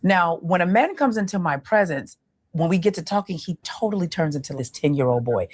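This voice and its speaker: A woman relationship coach talking in a podcast interview, explaining in a measured way with pauses. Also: on the low side, animated, darkish tone, breathy edge.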